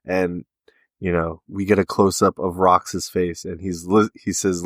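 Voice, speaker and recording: A low-pitched man co-hosts a podcast in easy conversational recap mode. He walks through each scene and slips into the characters' lines as he goes. The sound is dry and close, with no room around it. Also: little pitch movement, measured pace, dry recording. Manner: retells scenes with quoted dialogue. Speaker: podcast co-host. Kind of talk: casual recap chat.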